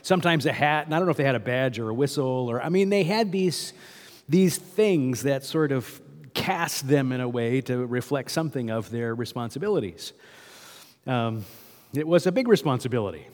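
A man's voice: mid-range voice, animated, normal speed, darkish tone, in a large hall. A male pastor giving a sermon in a conversational way, often asking the congregation questions.

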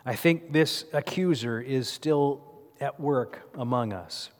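A man's voice: mid-range voice, slow pace. A male pastor preaching a sermon in a church sanctuary. He tells the story vividly and keeps asking the congregation rhetorical questions. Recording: long church reverb.

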